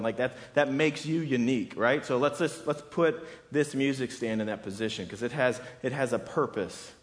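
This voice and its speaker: A man preaching a sermon as a pastor, speaking in a conversational, emphatic way that often repeats words and restarts phrases. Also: mid-range voice. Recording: long reverb of a hall.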